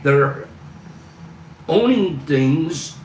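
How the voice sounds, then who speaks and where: A man's voice: fairly high pitch, expressive, drawn-out words, darkish tone, echoey room, recorded from a distance, a little hiss or hum, rough recording. A man hosting a livestream, talking in a casual, earnest, rambling way. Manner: earnest, rambling, talks through frustration. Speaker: livestream host.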